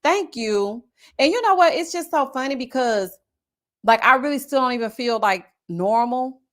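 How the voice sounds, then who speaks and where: Woman livestreaming, slangy storytelling, kinda high voice. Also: lively intonation, normal speed. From Houston. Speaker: livestream host. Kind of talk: casual chat reading super chats.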